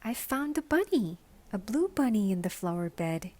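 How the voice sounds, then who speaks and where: A woman voicing an eager, pleading little girl, with a bright manner, in a bedtime story reading. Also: medium pitch, big pitch swings, normal speed.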